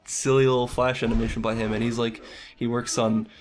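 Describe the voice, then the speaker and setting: Rambling young man with a flat voice. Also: mid-range voice, brisk, faint music behind. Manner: rambling and self-deprecating, with casual swearing. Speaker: animator interviewee. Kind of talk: casual interview monologue.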